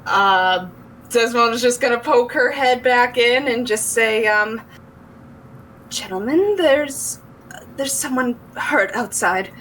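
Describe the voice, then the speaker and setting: A woman at a tabletop game speaks very slowly in a soft, gentle, fairly high voice. Faint background noise sits under her. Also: low-quality recording. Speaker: player.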